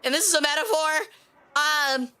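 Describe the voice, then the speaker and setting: A flustered teenage concession worker, played by a woman, fumbles through polite apologies in a high, bright voice. The manner is nervous and over-formal. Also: lively intonation, moderate pace. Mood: apologetic.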